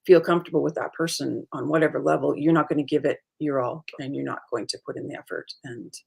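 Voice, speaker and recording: Woman host on a live stream, low gravelly husky voice, supportive. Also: fairly even intonation, fast, a little mellow. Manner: supportive, short affirmations.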